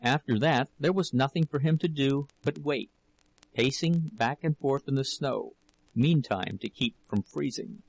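A man reading a novel aloud as narrator, in a steady, measured storytelling manner with a gravelly voice. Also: medium pitch, no echo, low-quality recording. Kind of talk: audiobook reading.

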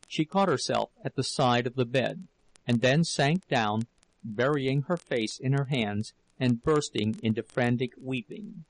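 Gravelly male audiobook narrator. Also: medium pitch, no room sound, low-quality recording. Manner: steady, measured reading. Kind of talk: scripted narration.

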